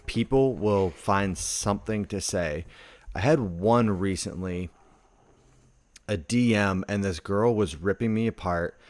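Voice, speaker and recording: A man's voice: lowish voice, no echo. A man in casual conversation, rambling through stories and leaning heavily on "like". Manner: rambling storyteller, heavy on "like".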